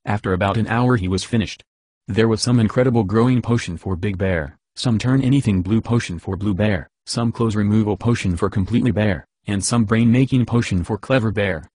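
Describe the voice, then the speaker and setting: Deadpan man reading a bedtime story. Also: lowish voice, brisk, dry recording.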